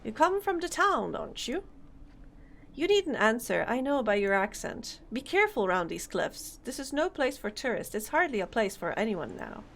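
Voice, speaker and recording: A woman reading game dialogue aloud, voicing a gruff, superstitious old fisherman who boasts in a rustic dialect. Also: fairly high pitch, big pitch swings, normal speed, fairly bright tone, slight background noise, exaggerated voice. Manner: rustic dialect, dropping grammar.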